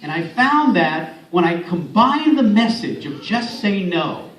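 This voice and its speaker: A high-pitched man from San Antonio tells stories at an event, with playful asides to the kids in the crowd. He is recorded from a distance in a roomy hall with faint ambience. His talk moves easily between memories and encouragement. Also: big pitch swings, a little slow. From San Antonio, Texas. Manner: warm storytelling with playful asides. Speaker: speaker, former radio host and voice actor. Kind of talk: motivational speech.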